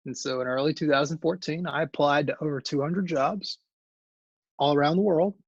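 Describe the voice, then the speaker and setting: A man's voice: fairly high pitch, moderate pace, husky, no room sound. A man, an engineering librarian, telling his career story in an informal talk, rambling and correcting himself as he goes. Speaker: guest speaker, engineering librarian. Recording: dull lo-fi call audio.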